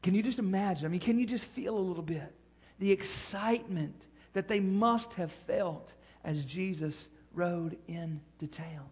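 A man's voice: sits high, a little slow, a little mellow, husky, lo-fi sound. A male pastor delivering a sermon, with an emphatic, rising and falling preaching cadence and repeated phrases.

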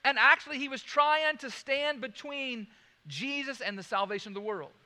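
A man preaching a sermon, swinging from loud emphasis to hushed, slow lines and repeating key phrases. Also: very high voice, long reverb tail. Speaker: pastor.

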